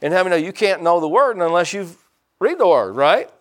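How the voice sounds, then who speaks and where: A man's voice: sits high, big pitch swings, a little fast, fairly bright tone. An older man, a pastor preaching a folksy, joking sermon and calling out to his congregation.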